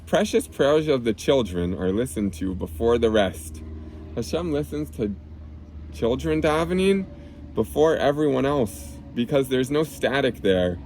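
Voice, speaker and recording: A man reading a children's book aloud outdoors on a clip-on mic, gently explaining each term simply for kids. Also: medium pitch, slight background noise. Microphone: clip-on lapel mic.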